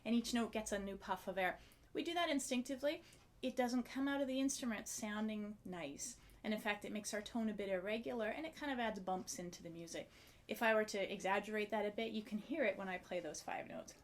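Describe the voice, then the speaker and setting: A woman's voice: medium pitch, fairly quick. A woman teaching a clarinet video lesson, explaining a breathing technique in a friendly, step-by-step way and demonstrating as she goes.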